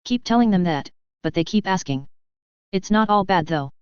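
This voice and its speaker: A woman reading the lines of a quiet young male blacksmith who talks in clipped, short sentences. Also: medium pitch, animated, moderate pace, clear, resonant tone, dry recording, lightly acted. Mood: terse. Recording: slightly dull, dry lo-fi recording.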